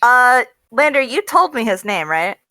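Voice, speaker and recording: High, bright-voiced woman player. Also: sing-song, measured pace. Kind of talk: playing a character in a tabletop game.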